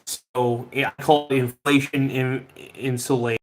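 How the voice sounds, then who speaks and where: Brief: casual male podcast host, mid-pitched, loose and rambling, swears freely. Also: flat delivery, normal speed. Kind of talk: casual chat reading viewer comments.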